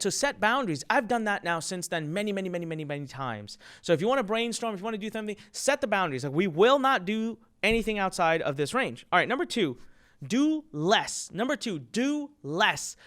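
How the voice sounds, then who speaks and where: A man, an entrepreneur, giving an emphatic and energetic motivational talk with business advice, telling stories and acting out what people said. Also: a little high, smooth. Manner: emphatic and energetic, acts out quotes.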